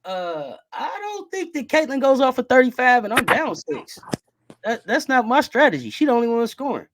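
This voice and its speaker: A man with a high, light voice hosts a relaxed sports talk. His stays easygoing as he throws questions at his guests. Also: moderate pace, background noise. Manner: laid-back, asks guests questions. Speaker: host. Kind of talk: casual sports chat.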